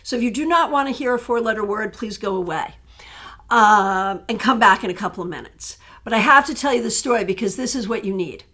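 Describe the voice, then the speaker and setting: A woman tarot reader chatting casually on a live stream, answering viewer questions in an animated way that breaks into laughter. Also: medium pitch, fairly quick.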